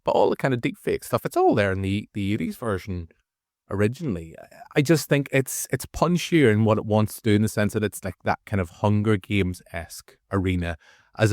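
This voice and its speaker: A Northern Irish man co-hosting a movie review podcast, rambling casually with restarts and animated asides. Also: fairly low pitch, no echo, clean studio sound. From Northern Ireland. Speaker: podcast co-host.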